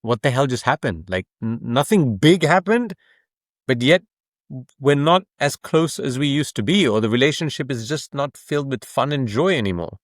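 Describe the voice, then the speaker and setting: A man's voice: medium pitch, animated, moderate pace, no room sound, studio quality. A man, an author and coach, explaining his ideas in a conversational interview, emphatic and fond of rhetorical questions. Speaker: author and coach, podcast guest.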